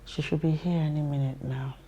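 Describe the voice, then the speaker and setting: A gravelly older mother. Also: sits low, steady tone, brisk, warm tone, lo-fi sound. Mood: grateful. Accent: Nigerian. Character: recovering wealthy mother, grateful, hospital patient. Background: film score music.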